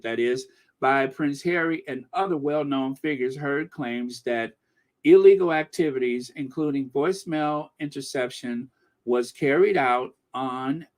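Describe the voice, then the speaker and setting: A man hosting a casual live stream, reading news and viewer comments in a chatty, excitable way. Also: medium pitch. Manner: chatty and excitable, laughing often. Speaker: channel host and commentator.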